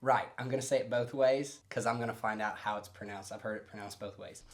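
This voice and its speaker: A young man co-hosting a family vlog in a quick, chatty way. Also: on the low side, steady tone. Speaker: vlog co-host. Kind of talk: casual chat.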